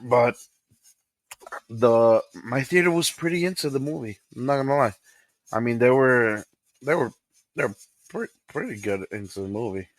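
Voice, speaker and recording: A man co-hosting a podcast, chatting casually about a movie he just saw and retelling scenes with excitement. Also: mid-range voice, moderate pace, pauses often, no echo, rough recording. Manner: excitable, retells scenes with acted quotes and laughter. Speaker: podcast co-host. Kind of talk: casual movie review chat.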